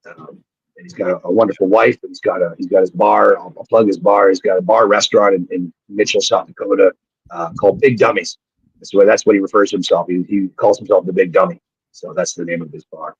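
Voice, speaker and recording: A husky-voiced man talks as a guest on a live show. He tells rambling, profane anecdotes and keeps restarting his sentences. The sound is dry and muffled, like a lo-fi feed. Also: deep voice, steady tone, brisk, no echo. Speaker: guest, former pro wrestler. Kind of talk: casual storytelling on a live show. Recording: dull lo-fi sound.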